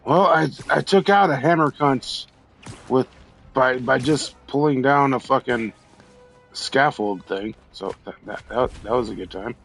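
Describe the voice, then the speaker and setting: A man's voice: medium pitch, unhurried, gravelly, fairly bright tone, soft background music. A man streaming a video game while drunk, rambling and stammering, swearing at enemies as he plays. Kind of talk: casual drunk gameplay commentary.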